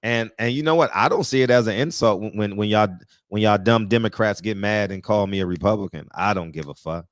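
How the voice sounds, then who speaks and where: A man's voice: fairly low pitch, brisk, dry recording, clean studio sound. A man hosting a casual talk show, speaking bluntly and profanely, often laughing at his own jokes. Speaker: podcast host.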